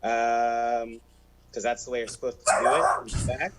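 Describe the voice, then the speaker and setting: Deadpan man in his thirties. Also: medium pitch, normal speed, very noisy. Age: 30s. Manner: deadpan, hesitant with fillers. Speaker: panelist. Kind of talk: deadpan comedic banter.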